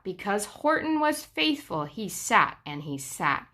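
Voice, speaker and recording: A woman's voice: medium pitch, very animated, unhurried, few pauses, sharp tone. A young woman reading a rhyming children's book aloud in a sing-song manner, with dramatic drops. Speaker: storyteller.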